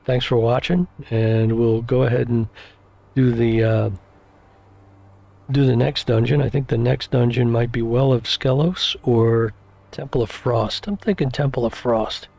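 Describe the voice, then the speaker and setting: A man's voice: mid-range voice, steady tone, unhurried, creaky, warm tone, dull audio. A man casually commenting on his own gameplay, thinking aloud with fillers, and losing his voice. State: losing his voice, clearing throat. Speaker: gameplay video host.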